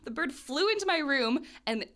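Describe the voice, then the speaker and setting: A woman's voice: high voice, lively intonation, normal speed, fairly bright tone. A young woman chatting casually, telling rambling stories full of "like" and frequent laughter. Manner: rambling storyteller, laughs often, lots of "like". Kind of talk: casual chat.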